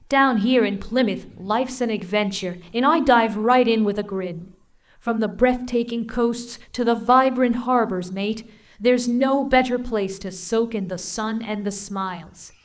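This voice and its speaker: A woman's voice: on the high side, a little slow. A text-to-speech woman voice playing a cheerful, outgoing seaside woman with an English accent, chatty and upbeat. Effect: synthetic text-to-speech voice.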